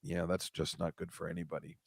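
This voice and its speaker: A man's voice: low voice, flat delivery, a little fast, creaky, husky, dry recording, studio quality. A man hosting a casual comedy chat show, rambling and self-deprecating, stammering and restarting as he goes. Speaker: host.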